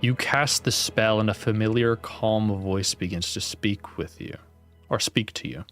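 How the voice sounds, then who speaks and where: A young man with a lowish, slightly bright voice reads a gamebook aloud at an unhurried pace while playing along, soft music behind him. He's the channel host, casual and wry, swearing now and then and laughing at his own slips.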